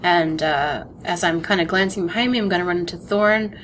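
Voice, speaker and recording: A woman playing a tabletop game, briskly declaring her character's actions. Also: fairly low pitch, fairly bright tone, a little hiss or hum. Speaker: player.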